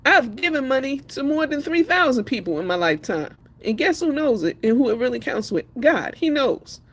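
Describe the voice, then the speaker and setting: Woman, husky voice, crying, emphatic, defiant, live stream talk. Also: a little high, sing-song, moderate pace. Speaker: livestreamer.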